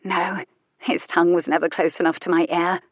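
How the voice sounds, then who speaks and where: A woman voicing a clever, witty young woman who answers in a distracted, breathy murmur. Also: lowish voice, level tone, moderate pace, no room sound, clean studio sound. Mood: wry.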